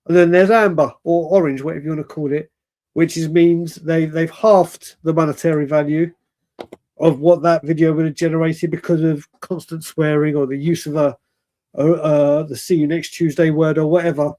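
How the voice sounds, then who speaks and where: High-voiced man in his forties. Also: normal speed. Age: 40s. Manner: rambling, animated, self-correcting. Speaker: fan show guest. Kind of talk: casual storytelling chat.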